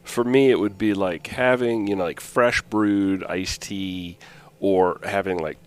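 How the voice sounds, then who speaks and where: Middle-aged male co-host, low-pitched, animated, stop-start delivery. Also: smooth. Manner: animated storyteller, halting restarts. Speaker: podcast co-host. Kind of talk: casual chat.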